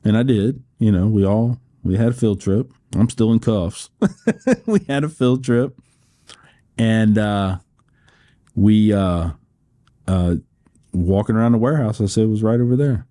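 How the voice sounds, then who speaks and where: An older American man tells his story as a podcast guest. His voice sits low and sounds mellow. He rambles, restarts his phrases and laughs often. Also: unhurried. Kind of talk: storytelling interview.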